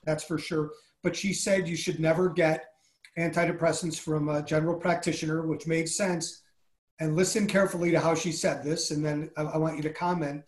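A man hosts an interview in a fairly high voice, recorded in an echoey room. He sounds enthusiastic but halting, leaning on fillers as he builds up his questions. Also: level tone. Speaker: podcast host. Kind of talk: conversational interview.

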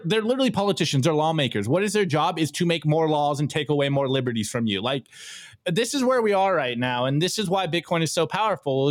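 A man with a somewhat high voice co-hosts a casual podcast, piling up opinions in a rambling, emphatic way. He leans on fillers like "like" and "you know" and laughs often. The sound is close and dry. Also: no echo. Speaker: podcast co-host.

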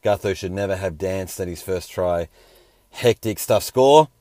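A man's voice: sits low, steady tone, normal speed, a little mellow, no echo, clean studio sound. A man hosting a casual sports round-up, a little scratchy and hungover, with wry joking asides. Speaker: host.

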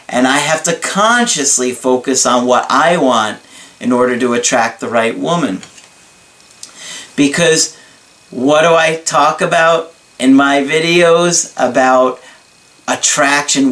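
Slow, reflective man, distant mic. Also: on the high side, a bit bright. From New York. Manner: earnest, reflective, halting. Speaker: relationship video creator. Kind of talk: personal storytelling to camera. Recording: voice somewhat far from mic.

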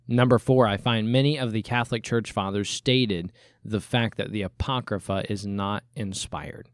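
A man's voice: steady tone, no echo. Emphatic male preacher, dry close sound. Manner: emphatic, rising on key points then dropping low; uses rhetorical questions and deliberate pauses. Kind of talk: sermon.

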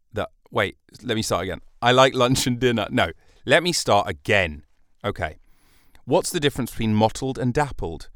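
A man rambles alone on his comedy podcast, swearing and circling back on himself mid-sentence. His voice sits fairly low and comes through smooth and resonant, recorded close and dry with no room sound. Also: a bit bright, dry recording. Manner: meandering, self-interrupting, sweary. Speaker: podcast host.

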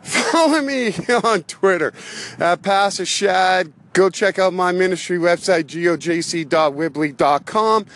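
A man's voice: high-pitched, a little slow, a bit bright. A man who is a pastor, ranting casually and rambling, slightly out of breath as he walks outdoors. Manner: rambling, loses his train of thought, laughs between phrases. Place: walking outdoors.

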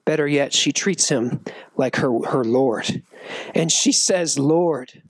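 A man's voice: on the high side, takes it slowly, dry recording. A man preaching a sermon to young people as their youth pastor, joking and acting out the people in the story. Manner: animated, joking, acts out quotes.

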